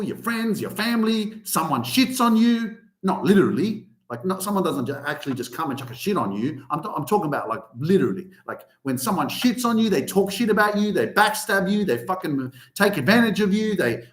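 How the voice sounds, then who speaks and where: A man delivers a fired-up motivational podcast rant, swearing freely and hammering his points. His voice sits fairly high and swings widely up and down. The sound carries a noticeable room echo. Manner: animated, heavy swearing, emphatic. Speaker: podcast host.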